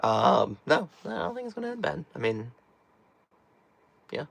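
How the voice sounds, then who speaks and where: This chatty, jokey man runs a laid-back live stream in a tiny house, answering chat questions between frequent laughs. His voice sits a little high and has a creaky edge, moving at a normal speed with very animated energy, and it cracks from time to time.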